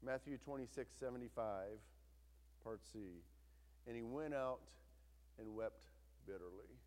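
A man preaching a sermon, swinging between loud, intense retelling and hushed, quiet emphasis. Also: medium pitch, a little slow. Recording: long hall reverb.

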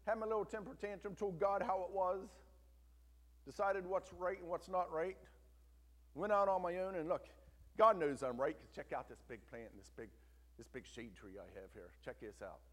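A preacher acting out furious, indignant Jonah. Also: male voice, sits high, fairly even intonation, normal speed, in a large hall. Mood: smug. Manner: yelling, indignant. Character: furious self-righteous prophet Jonah, grown man.

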